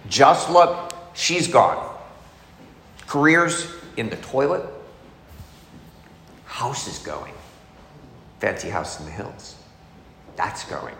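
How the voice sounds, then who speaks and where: A man's voice: medium pitch, sing-song, slow pace, vocal fry, long pauses, bright, forceful tone. A middle-aged man telling his recovery story in a candid, confessional way, as a speaker at a meeting. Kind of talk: personal testimony talk. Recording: echoey hall, faint noise.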